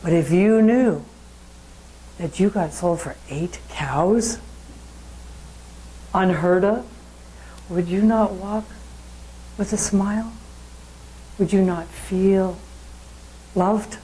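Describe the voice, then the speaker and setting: A woman voicing a gentle, wise island trader who speaks quietly and asks thoughtful questions. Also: mid-range voice, takes it slowly, pauses often, a little hiss or hum, close to an everyday voice, low-quality recording.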